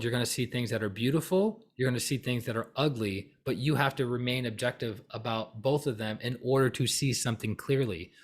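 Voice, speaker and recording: Man teaching in a casual animated talk. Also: medium pitch. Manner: animated, acts out heated voices mid-talk; conversational, many fillers and tag questions. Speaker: spiritual teacher.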